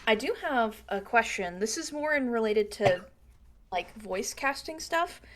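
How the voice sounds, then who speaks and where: A woman's voice: fairly high pitch, animated, measured pace, crowd noise. A woman from the audience asking a question, bubbly and self-deprecating.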